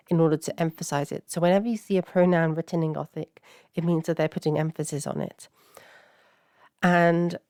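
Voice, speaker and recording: A woman's voice: fairly low pitch, mellow, dry recording, clean studio sound. A woman teaching an old language word by word in a patient, explaining manner, with many fillers and self-corrections.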